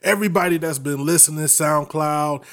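A man's voice: on the high side, normal speed, fairly bright tone. A man co-hosting a podcast in loose casual chat, slangy and repeating his phrases. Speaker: podcast co-host.

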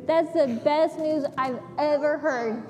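A woman's voice: high voice, takes it slowly, big-room sound, a crowd in the background. A woman giving a children's sermon in a church, animatedly asking the kids questions as she tells the story. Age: adult. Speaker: children's minister. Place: church sanctuary.

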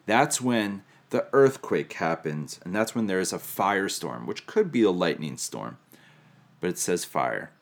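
Male preacher with a low voice, unhurried and reflective sermon delivery, a bit wry. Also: sing-song, gravelly. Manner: reflective, lightly humorous teaching. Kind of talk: sermon on scripture.

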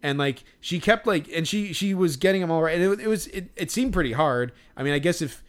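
Animated and fairly quick, this man speaks in a clean, high-leaning voice as a podcast co-host. He's a chatty storyteller in a casual conversation, mimicking others and laughing while he talks.

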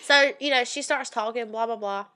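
Bright-voiced woman telling a rambling story. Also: fairly high pitch, normal speed. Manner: rambling storyteller, acts out quoted people, says "anyway" often. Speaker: podcast co-host. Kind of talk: casual chat.

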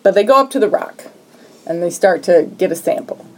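A woman co-hosting a podcast, casually retelling a movie plot in a lively storytelling way and acting out lines from scenes. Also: fairly low pitch, brisk, a little hiss or hum, rough recording. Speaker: podcast co-host. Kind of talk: casual movie recap chat.

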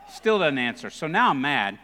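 A man's voice: a little high, big pitch swings, moderate pace, bright, forceful tone. Man preaching with humor in a reverberant hall. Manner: conversational, self-deprecating. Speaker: guest speaker. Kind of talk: humorous storytelling sermon. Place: live church service.

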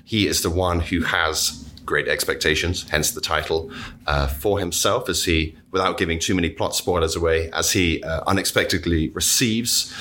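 A British man, a literature teacher, answering interview questions thoughtfully with many pauses and fillers. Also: low-pitched, sharp tone, a little hiss or hum. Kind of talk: conversational interview.

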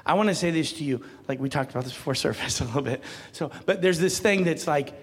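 A man preaching a sermon as pastor, swinging from quiet talk to loud, emphatic calls and laughing often. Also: a little high, fast talker, breathy edge, big-room sound.

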